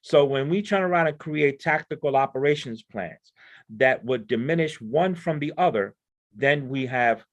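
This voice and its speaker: A man's voice: mid-range voice, animated, normal speed, muffled recording. A man speaking on a discussion panel, explaining his ideas in an earnest way and often repeating words as he builds each point. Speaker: panel speaker on crime prevention.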